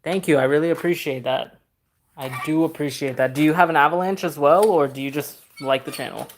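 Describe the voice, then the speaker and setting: A man's voice: a little high, brisk, slight background noise. Chatty Trinidad-born man answering viewers. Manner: chatty and easygoing, reads viewer questions aloud, laughs often. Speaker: car customizing channel host. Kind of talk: casual livestream chat answering viewer comments.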